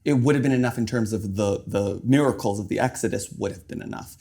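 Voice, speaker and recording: Chatty young New chef, lowish voice. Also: male voice, quick pace, gravelly, dark tone, slightly rough. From New York. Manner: chatty, explaining as he cooks, many fillers like "like" and "um". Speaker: chef and cookbook author guest. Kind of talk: casual chat while cooking.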